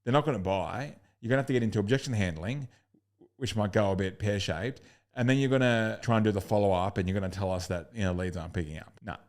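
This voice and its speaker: A man's voice: fairly low pitch, quick pace. A man coaching sales in a recorded lesson, blunt and upbeat, swearing casually and acting out customer calls.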